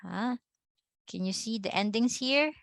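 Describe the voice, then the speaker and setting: Slow, patient Filipino woman teacher. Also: fairly high pitch, creaky, no echo. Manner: patient, checks understanding with frequent tag questions. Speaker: language teacher. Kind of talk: classroom lecture.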